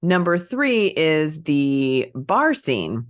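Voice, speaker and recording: A woman with a very low, deep speaking voice chats casually as a podcast host. She talks in a lively, swooping way, giggles often, and now and then jumps into a high put-on voice to act out a scene. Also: very slow. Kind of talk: casual movie chat.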